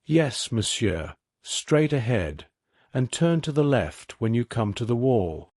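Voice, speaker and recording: A man doing a suave gentleman-burglar. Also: medium pitch, sing-song, dry recording, clean studio sound. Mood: courteous. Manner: polite, measured, courteous.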